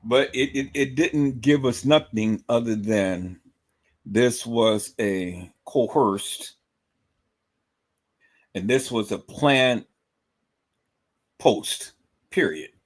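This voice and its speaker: With a mid-range voice, drawn-out words and long pauses, a man hosts a livestream. He talks emphatically and repetitively, uses plenty of profanity, and keeps calling out to the people watching.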